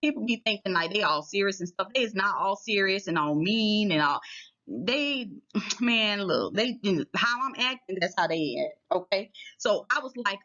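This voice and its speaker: A woman's voice: medium pitch, very animated, normal speed, sharp tone, dull audio. A woman telling a personal story to her viewers in a casual, chatty way, often checking in with them as she goes. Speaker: vlogger.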